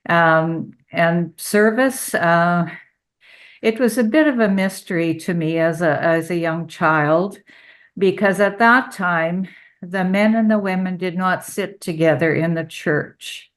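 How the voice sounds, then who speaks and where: Woman group member, very low voice, unhurried, halting and thoughtful. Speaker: church study group member.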